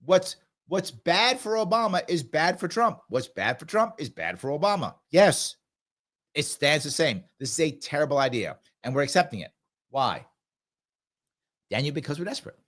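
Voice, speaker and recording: A man's voice: fairly high pitch, a bit bright. A middle-aged man from New York hosting live political commentary, emphatic and fond of repeating his points. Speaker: talk show host.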